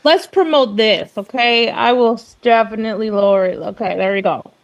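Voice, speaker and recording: A woman's voice: a little high, normal speed, lo-fi sound. Giggly woman on a video call. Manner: giggly, chatty. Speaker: podcast guest. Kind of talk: casual chat on a video call.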